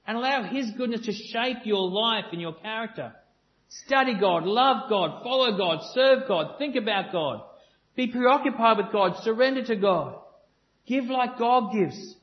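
A man with a high voice preaches to a live congregation, pressing his points through repetition and breaking into playful back-and-forth with the room. The recording sounds dull and lo-fi. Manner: earnest and emphatic, repeats phrases, jokes with the audience. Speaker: pastor.

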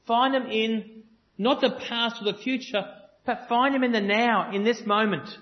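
A man with a high voice preaches to a live congregation, pressing his points through repetition and breaking into playful back-and-forth with the room. The recording sounds dull and lo-fi. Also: steady tone, moderate pace. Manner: earnest and emphatic, repeats phrases, jokes with the audience. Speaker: pastor.

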